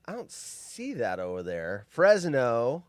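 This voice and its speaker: A man's voice: medium pitch, huge pitch swings, takes it slowly, no room sound. A man in his fifties hosting a live stream, rambling, joking and reading chat aloud. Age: 50s.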